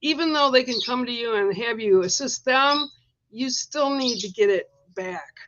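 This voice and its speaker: Bright-voiced woman reading cards. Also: fairly high pitch, normal speed, dull audio. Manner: gentle, reassuring, coaxing with "right?" and "okay?". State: coughing. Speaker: spiritual card reader. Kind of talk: livestreamed oracle card reading.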